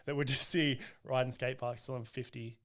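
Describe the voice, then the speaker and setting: Man, podcast guest: smooth, clear voice, lively storyteller. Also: medium pitch, moderate pace. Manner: lively, acts out quoted voices, frequent restarts. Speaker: guest, motocross riding coach. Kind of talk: casual storytelling in a podcast chat.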